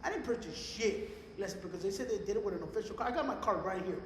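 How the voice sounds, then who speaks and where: A man's voice: high voice, quick pace, slight background noise. A young man, telling stories on a casual podcast in a profane mix of English and slang. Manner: animated storyteller mixing English and Spanish slang, profane. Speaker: podcast co-host. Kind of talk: casual chat. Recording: echoey room, long reverb.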